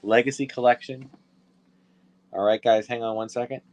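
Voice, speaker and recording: A man's voice: medium pitch, fairly even intonation, a little mellow. Chatty man running a live toy auction. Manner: chatty, self-correcting, quick asides to viewers. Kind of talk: casual live auction patter.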